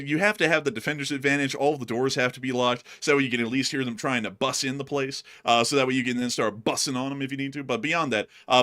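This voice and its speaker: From his home studio, an out-of-breath news livestream host rambles through casual commentary, calling viewers "folks." His mid-range voice is bright and forceful.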